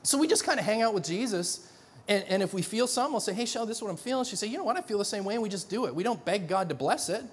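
Middle-aged male preacher, high voice, chatty sermon, acts out dialogue, long reverb in a big church hall. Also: very fast, breathy edge. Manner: animated, conversational, many restarts, acts out dialogue.

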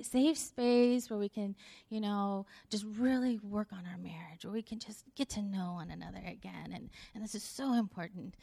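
A woman's voice: mid-range voice, moderate pace, vocal fry. A middle-aged woman giving a conversational sermon, telling a story with acted-out dialogue and laughter. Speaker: speaker.

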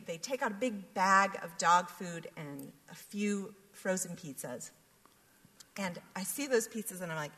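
A woman telling a lively personal story to a congregation, acting out the people in it with laughter. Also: mid-range voice. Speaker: guest storyteller. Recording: long reverb of a large hall.

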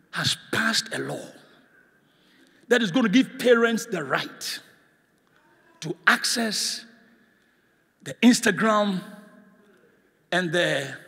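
A male guest speaker delivers a sermon in a church sanctuary, shouting fervent calls for the congregation to respond. His voice sits high with a breathy edge, and the room leaves a long reverb tail.

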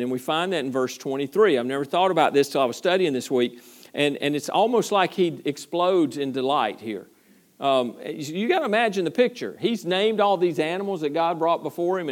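A pastor preaching a sermon in an earnest, emphatic manner, with frequent repetitions and playful asides. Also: male voice, a little high.

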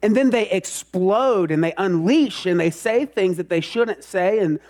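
A man preaching a sermon to a congregation, animated and self-mocking, sometimes bursting into loud outbursts. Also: high voice, measured pace. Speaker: pastor.

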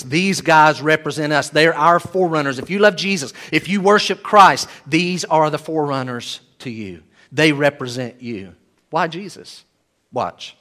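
Delivering a sermon, this slightly high-voiced pastor preaches with emphasis, moving from booming proclamations to quiet asides.

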